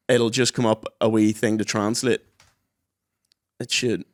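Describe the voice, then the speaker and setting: A man's voice: medium pitch, flat delivery, a little slow, no room sound. A man co-hosts a podcast in loose, joking chat, often quoting sayings and putting on mock French. His voice sits in a middle register, recorded dry and close with no room sound. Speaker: podcast co-host. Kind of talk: casual chat.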